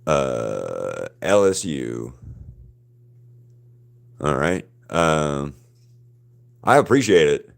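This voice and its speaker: A man's voice: rumbling low, very animated, vocal fry. A man hosting a live drawing stream, chatting casually with viewers and often restarting his sentences. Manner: halting, frequent restarts and repeated words.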